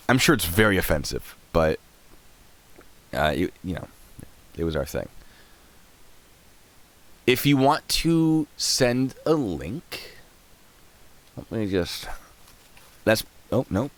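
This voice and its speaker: A young man with a low voice talks casually through a live stream, reacting to videos and chat. His pitch swings widely, and he laughs often and trails off mid-sentence while he clicks around. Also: big pitch swings, takes it slowly, pauses often.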